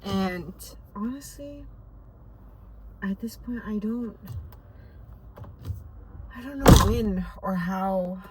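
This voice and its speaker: A woman's voice: mid-range voice, very slow, long pauses, a little mellow, distant mic, slight background noise, low-quality recording. A young woman vlogging in a casual chat, in pain and frustrated, laughing through it. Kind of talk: casual vlog talk to camera.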